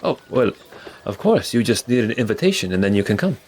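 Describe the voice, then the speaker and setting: A courteous but fumbling manor guard trips over his words, as a man puts him on. His voice is on the lower side, with a faint hiss behind him. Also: sing-song, brisk, a little mellow. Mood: polite. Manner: polite, flustered, stammering. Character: male manor gate guard, polite and fumbling.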